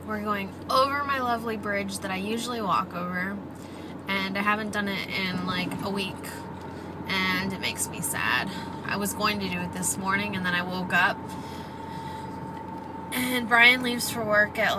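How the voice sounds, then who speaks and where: A woman's voice: mid-range voice, normal speed. A young woman with a stuffy nose, chatting casually in a daily vlog and baby-talking to her dog while she drives. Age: young adult. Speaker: vlogger. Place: in a car while driving. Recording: car noise in the background.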